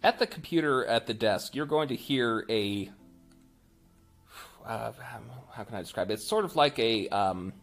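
Animated man running a game. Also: medium pitch, moderate pace, faint music behind. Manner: rambling, searching for words, playful sound effects. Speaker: game master. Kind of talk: narrating a tabletop game.

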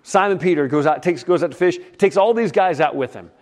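Casual storytelling preacher with a higher voice. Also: male voice, a little fast. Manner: casual storytelling preaching, often dropping to a soft hush. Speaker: pastor. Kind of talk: sermon.

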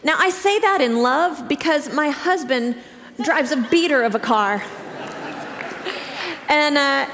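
A woman in her fifties preaching a sermon to her church, telling a personal story earnestly, with halting restarts. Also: high-pitched, animated, fairly bright tone. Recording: reverberant hall.

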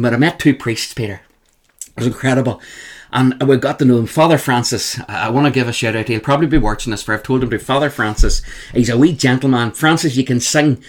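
A man with a Northern Irish accent, a guest telling emphatic, animated stories in an interview. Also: mid-range voice. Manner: animated, emphatic, repeats the host's name. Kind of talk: storytelling in an interview.

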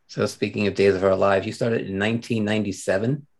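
A man's voice: lowish voice, level tone, fast talker. A man interviewing an actor, asking short prompting questions.

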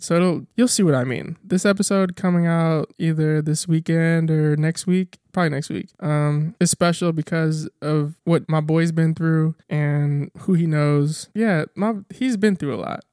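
A young adult podcast host in a casual solo chat, talking very fast, rambling and joking at their own slips. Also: mid-range voice, a little mellow, no echo, clean studio sound. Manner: playful, jokes at own slips.

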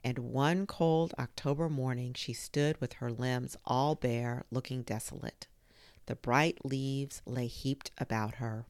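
A middle-aged woman reading a storybook aloud with a gentle, expressive manner. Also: rumbling low, slow pace, dry recording. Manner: gentle, expressive reading with lively voiced quotes. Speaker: storytime reader.

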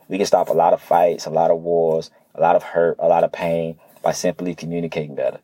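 A young man talks earnestly and directly to his listeners, circling back to the same points in relaxed everyday slang. His voice sits low, and the recording is dry and close, with no room sound. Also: no room sound. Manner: earnest, repetitive, conversational street slang. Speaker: motivational speaker. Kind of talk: unscripted motivational monologue.

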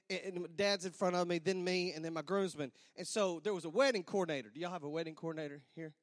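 A man telling a comic story to an audience in a large hall, animated, repeating words and acting out sound effects. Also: high voice, studio quality. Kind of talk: stand-up storytelling to a church audience.

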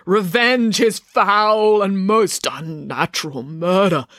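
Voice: mid-range voice, fairly bright tone, no echo, clean studio sound, voice pushed up. Narrator voicing a ponderous kingly ghost. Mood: solemn. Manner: slow, drawn-out delivery. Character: ghost of a murdered king, slow and ponderous. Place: home office.

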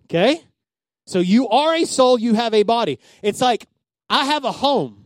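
A man preaching a sermon with a strikingly high voice. His pitch rises and falls a great deal as he moves from loud calls to hushed asides. The sound is close and dry. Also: lively intonation, moderate pace, no echo. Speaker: pastor.

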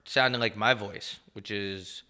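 A man's voice: on the low side, steady tone, a little slow, sharp tone, smooth. A man with a congested, nasal voice, casually co-hosting a podcast, rambling, joking and swearing freely. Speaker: podcast co-host. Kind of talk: casual chat.

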